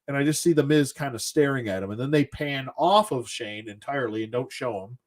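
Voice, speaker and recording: A man ranting casually as a show host, sarcastic and exasperated, swearing as he goes. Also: medium pitch.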